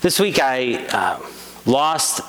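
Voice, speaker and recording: A man's voice: medium pitch, big pitch swings, a bit bright, a little hiss or hum, low-quality recording. Earnest man preaching. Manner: earnest, measured preaching with rhetorical repetition. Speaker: priest. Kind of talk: sermon.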